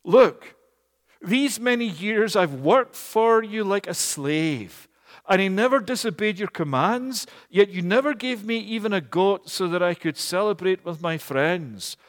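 A preacher voicing a bitter, indignant elder brother. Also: male voice, high-pitched, animated, voice pushed up. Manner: slow, loud, aggrieved complaint. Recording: long hall reverb.

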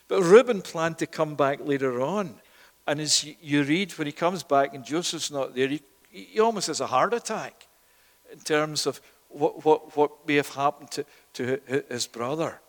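Brief: male preacher, fairly high voice, emphatic sermon delivery, long church reverb. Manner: emphatic, rising and louder at key points, with repeated words. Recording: long echo of a church hall.

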